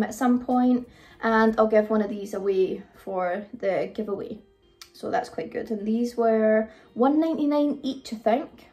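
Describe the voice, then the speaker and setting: A woman's voice: medium pitch, dark tone. A British woman chatting casually through a haul video, rambling with frequent ums. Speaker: vlogger. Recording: voice a bit far from the mic, faint music.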